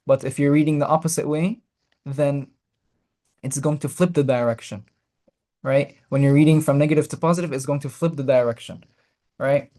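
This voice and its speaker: A man's voice: a little high, steady tone, moderate pace, pauses often, warm tone. Young male medical lecturer, drawing while he explains, repetitive, checks in often. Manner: repetitive, checks in with "right?", restarts phrases.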